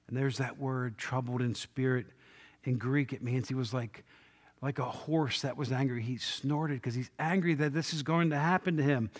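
A man preaching a sermon, retelling scripture in an animated storytelling way and acting out the quoted lines. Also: fairly high pitch. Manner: self-deprecating humor.

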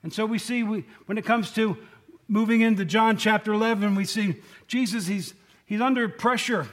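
A man's voice: sits high, normal speed, fairly bright tone. A man preaching a casual sermon, chatting with the congregation and acting out the quoted lines. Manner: conversational, asks the congregation questions, acts out quotes.

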